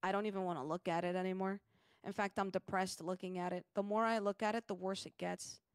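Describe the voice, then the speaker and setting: A woman's voice: mid-range voice, fairly even intonation, quick pace, clean tone, dry recording, studio quality. A young woman streaming a game, chatting casually and grumbling playfully about her loot. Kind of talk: casual gaming stream chat.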